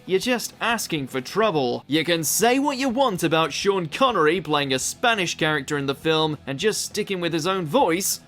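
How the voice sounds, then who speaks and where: A man's voice: fairly high pitch, a bit bright. A British man narrating a countdown list in a dry, sardonic scripted delivery.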